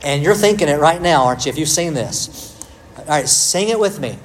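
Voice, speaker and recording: A man's voice: on the high side, lively intonation, moderate pace, slight background noise, low-quality recording. Man preaching a casual, joking sermon. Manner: conversational, self-deprecating, addresses the congregation by name. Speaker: pastor.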